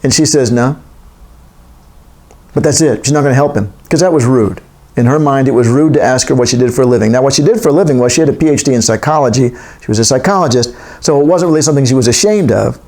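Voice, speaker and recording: A man's voice: mid-range voice, fast talker, darkish tone. A man giving a classroom lecture, reading from a text and wandering into joking asides.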